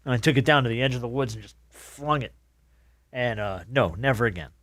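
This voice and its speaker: Wry, dry-voiced podcast host. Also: male voice, medium pitch, fairly quick, no room sound. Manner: wry, relaxed storyteller with dry humor. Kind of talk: casual chat.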